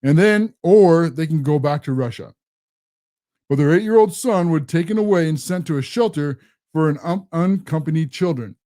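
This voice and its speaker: A man's voice: a little high, animated, moderate pace, mellow. A man hosting a political commentary show, combative and sarcastic, often repeating and restarting his words. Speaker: host.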